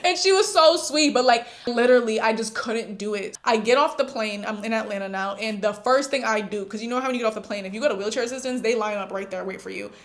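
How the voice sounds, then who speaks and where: A woman's voice: a little high, fast talker, hardly any pauses. A young woman telling a candid, chatty story to her viewers in a casual vlog. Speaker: vlogger.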